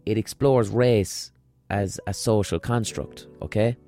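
A man's voice: lowish voice, steady tone, a little slow, warm tone, soft background music. A man with a Munster Irish accent, hosting a podcast in a blunt, emphatic monologue and swearing freely. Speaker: podcast host.

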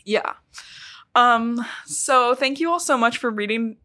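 A woman's voice: fairly high pitch, slow, bright, forceful tone. A woman co-hosting a casual podcast, chatty and swearing freely, with a slight lisp. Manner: chatty, swears, laughs often. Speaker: podcast co-host. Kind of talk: casual chat.

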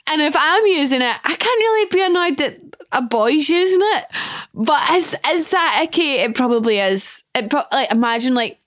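Young Scottish female podcast host, chatty and self-mocking, slightly high pitch, dry mic. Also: no room sound. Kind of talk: casual solo chat.

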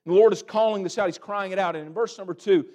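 A man preaching a sermon as pastor, building phrases up and letting them drop off quietly. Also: high-pitched, quick pace. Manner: preaching with swelling and fading emphasis, repeated phrases.

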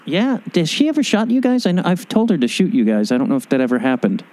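A man hosting an interview, asking relaxed, curious, rambling questions in a casual chat. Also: sits high, quick pace, low-quality recording. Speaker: podcast host.

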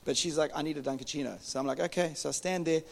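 Pastor preaching in a reverberant hall. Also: male voice, fairly high pitch, fast talker, creaky. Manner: animated storytelling, jokes with the congregation. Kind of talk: sermon.

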